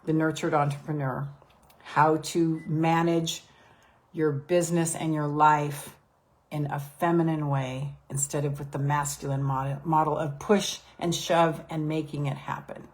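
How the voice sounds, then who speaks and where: Slow, soothing woman guiding a meditation. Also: sits low, flat delivery. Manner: slow, soothing, prayerful guiding with repeated affirmations. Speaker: host and self-love coach. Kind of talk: guided spiritual meditation on a live stream.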